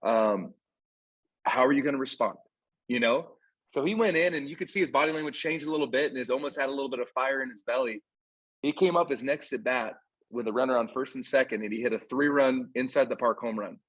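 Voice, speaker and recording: A man's voice: mid-range voice, quick pace, fairly bright tone, husky, rough recording. A man co-hosting a casual podcast, an earnest youth baseball coach telling stories with emphatic repeats.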